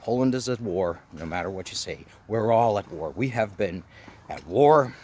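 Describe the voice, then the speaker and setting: A man's voice: on the low side, lively intonation, moderate pace, a little mellow, slight background noise. A man hosting his own commentary show, talking casually in a rambling, blunt and exasperated way, with lots of fillers and restarts. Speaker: commentary channel host.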